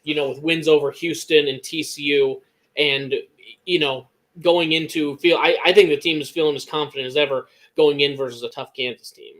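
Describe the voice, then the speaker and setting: A young man with an American Midwest accent co-hosting a casual sports podcast, talking excitedly and rambling with lots of restarts. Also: a little high, moderate pace. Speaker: podcast co-host.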